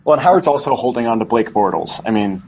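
A man's voice: medium pitch, lively intonation, fast talker, darkish tone, dull audio, a little hiss or hum. A man teasing and joking in a casual podcast chat.

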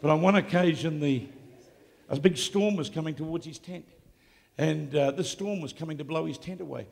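A man preaching live to a congregation, moving between hushed storytelling and loud, shouted declarations. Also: on the high side, normal speed, creaky, in a large hall. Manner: swings from quiet storytelling to shouted exclamations. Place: large hall, live event.

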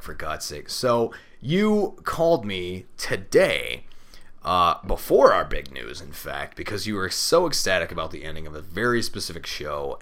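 Man, podcast co-host, casual chat, profane, exasperated, bright voice, lively pitch.

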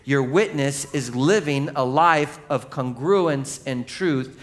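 A man's voice: medium pitch, slow pace. A male pastor giving a sermon in a conversational, joking storytelling manner, leading the congregation through scripture. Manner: leads the congregation in reading scripture.

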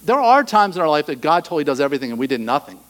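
A middle-aged male pastor preaching a sermon, animated, acting out quoted voices and dropping to soft asides. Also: a little high, racing, poor audio.

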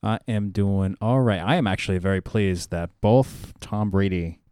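A man co-hosting a casual sports podcast, making dry, deadpan jokes. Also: sits low, normal speed, clear, resonant tone, no room sound. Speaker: podcast co-host.

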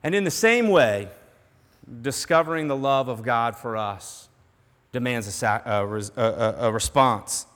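A man preaching a sermon in earnest, dropping to a hush on some lines and rising to emphasis on others. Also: mid-range voice, expressive, a little slow. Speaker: pastor. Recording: long hall reverb.

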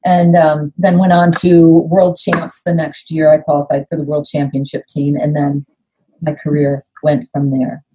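A woman's voice: sits low, a little slow, low-quality recording. A middle-aged American woman, a former athlete, telling stories in a casual interview and acting out quoted dialogue. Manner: animated, acts out quoted dialogue. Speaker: podcast guest, former Olympic skier.

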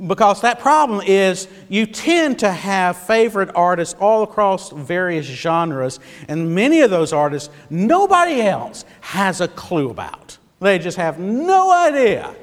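A middle-aged man preaching with a high, light voice, taking his time over each phrase. His sermon carries a long reverb, as in a large sanctuary. He keeps it conversational, turning lively when he voices others. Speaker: pastor.

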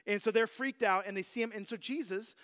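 A man teaching a Bible passage in a relaxed, conversational sermon, full of "like" and "you know". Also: sits high, a little fast.

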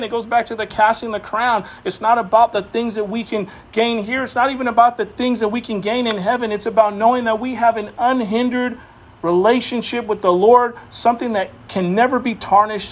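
A man preaching a sermon in a conversational way, mixing Scripture with humorous family asides. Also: high-pitched. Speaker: pastor.

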